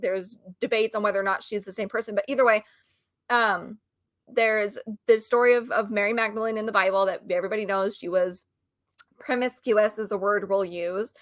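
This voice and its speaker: A woman co-hosting a casual chat, talking in an animated, ranting way and laughing often. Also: medium pitch. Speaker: co-host.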